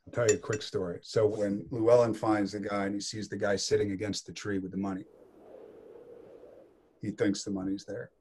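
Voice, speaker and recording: Speaking fairly quickly with a fairly low pitch, a middle-aged male actor tells casual anecdotes as an interview guest, animatedly quoting others in their voices. There's slight background noise.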